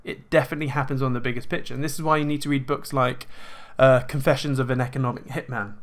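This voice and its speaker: A man's voice: medium pitch, quick pace. A man hosting a casual monologue, asking rhetorical questions and acting out what others would say. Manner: animated, rhetorical questions, acts out quoted voices. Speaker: host.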